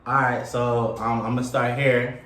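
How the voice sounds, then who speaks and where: A man co-hosting a podcast, loud and playful, teasing and swearing in casual chat. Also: medium pitch, little pitch movement, moderate pace. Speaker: podcast co-host. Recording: echoey room with faint noise.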